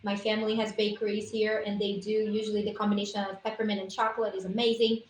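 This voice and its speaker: A woman's voice: medium pitch, little pitch movement, fast, reverberant, slight background noise, poor audio. A woman on a casual livestream, explaining essential oils in a persuasive, emphatic, informal way.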